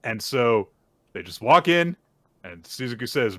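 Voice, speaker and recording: A man's voice: medium pitch, big pitch swings, a little slow, bright, forceful tone, dry recording. A male podcast host casually recapping a manga chapter, storytelling and acting out the characters.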